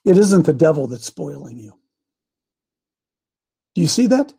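A man preaching a sermon, fervent and folksy, climbing into loud emphatic passages when he reads scripture. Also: fairly high pitch, sing-song, a little slow, gravelly, pauses often, breathy edge. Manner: fervent, rising to shouts on scripture, folksy asides.

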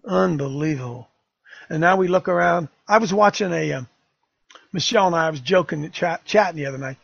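A man's voice: fairly high pitch, fairly quick, creaky, a bit bright, husky, no echo, highs cut off. An older man hosting a talk radio show, fiery, emphatic and rambling.

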